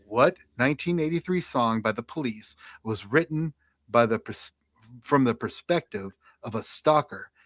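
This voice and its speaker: A man co-hosting a radio show, chatting casually and running a quiz, animated and laughing as he tells stories. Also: medium pitch, normal speed, no room sound.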